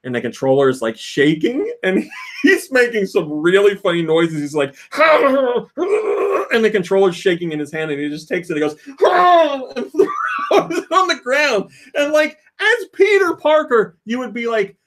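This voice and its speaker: A man chats on a podcast, his voice sitting a little high and bouncing lively between notes. He tells stories animatedly, breaking into laughter and playing each character. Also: moderate pace. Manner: animated storyteller, acts out game scenes with laughs. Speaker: podcast host. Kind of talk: casual podcast chat.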